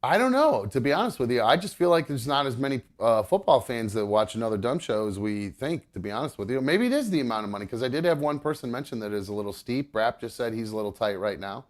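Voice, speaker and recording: A man's voice: medium pitch, animated, quick pace, hardly any pauses. A man co-hosting a podcast from home, talking in a rambling, casual way full of ums and uhs. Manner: rambling, many ums and uhs, laughs easily. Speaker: podcast co-host. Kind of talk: casual chat. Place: home with pets around.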